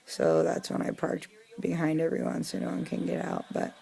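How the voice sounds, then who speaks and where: A young woman vlogging casually, venting in an irritable, profane way with lots of fillers, sounding low and weary. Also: sing-song, moderate pace, vocal fry, dark tone, husky. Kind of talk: casual personal vlog.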